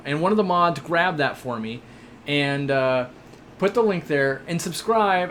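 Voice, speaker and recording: A man's voice: high voice, a little hiss or hum. A young man hosting a casual live stream, reading viewer questions aloud and answering with jokes and lots of fillers. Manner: chatty, joking, rambling with many fillers. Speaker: host of an aquarium shop live stream.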